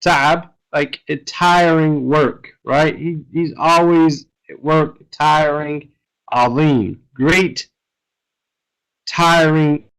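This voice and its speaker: A man's voice: a little high, steady tone, takes it slowly, fairly bright tone, clean tone, low-quality recording. A man teaching an online language class, explaining a reading text word by word in a patient way and often checking with "right?". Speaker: Arabic teacher. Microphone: computer mic on an online class.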